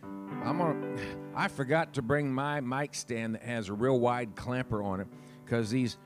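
A man's voice: mid-range voice, unhurried, music in the background. A man preaching a sermon into a wireless mic in a church, in a chatty, folksy way and laughing often. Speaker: pastor. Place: church sanctuary. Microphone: wireless handheld mic.

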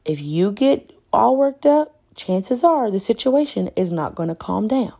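A woman hosting an instructional podcast, talking calmly and conversationally, repeating key points and often checking in with "right?". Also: medium pitch, unhurried, vocal fry. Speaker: podcast host teaching caregivers.

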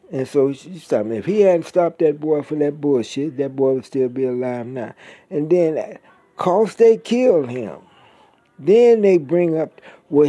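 A man delivering an angry, profane monologue as a podcaster, blunt and mocking, leaning hard on drawn-out words. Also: a little high, dark tone, no room sound.

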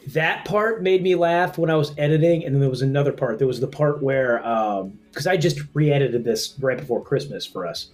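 A man's voice: mid-range voice, normal speed, few pauses, faint music behind. A man co-hosting a casual comedy podcast, rambling with restarts and laughing often. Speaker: podcast co-host and editor.

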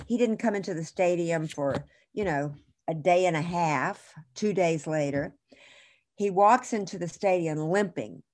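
Woman guest rambling through a story, lots of asides and restarts, lowish voice. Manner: chatty, digressive, emotional storyteller with self-corrections. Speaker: actress and interview guest. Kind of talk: casual storytelling in an interview.

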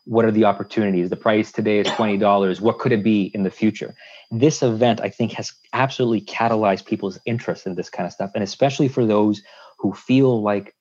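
A man from Canada, a lawyer guest on a podcast, building long measured points with analogies and restarts. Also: lowish voice, steady tone, darkish tone. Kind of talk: casual conversational interview. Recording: dull lo-fi sound.

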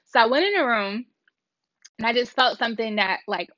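On the high side and brisk, a woman vlogger rambles through a casual, animated story for her viewers, playing out the dialogue as she goes. There's no echo, and the recording has a dull lo-fi quality.

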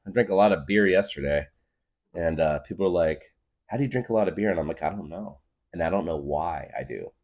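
A man's voice: low-pitched, a little fast, dull audio. A man rambling through a casual comedic monologue as a podcast guest, stuffing his talk with filler words and joking exaggerations. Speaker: podcast guest, craft beer guru.

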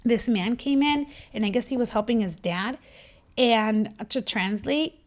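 A woman's voice: fairly high pitch, measured pace. Chatty woman telling a funny story. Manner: animated, laughing, acts out quotes. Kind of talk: casual storytelling chat.

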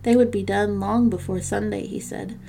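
A woman narrating a classic story for a podcast in a measured, gentle reading. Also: mid-range voice, steady tone, gravelly, a little hiss or hum.

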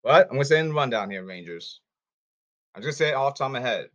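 A man's voice: medium pitch, lively intonation, rapid-fire, fairly bright tone, highs cut off. A man hosting a sports podcast who talks in a blunt, hectoring way and repeats himself, in a casual commentary monologue.

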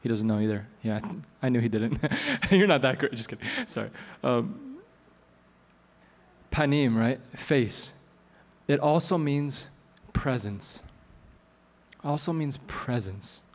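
A man preaching a sermon as a pastor, telling a story in a relaxed, joking way. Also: mid-range voice, takes it slowly. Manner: conversational, joking asides. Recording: long hall reverb, soft music.

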